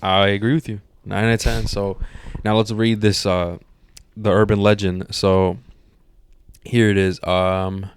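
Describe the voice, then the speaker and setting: Young male podcast co-host, low and smooth, laid-back slangy recap, dry studio sound. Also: level tone, a little slow, no room sound. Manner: laid-back, retells scenes with slangy quoted lines. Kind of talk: casual spoiler review chat.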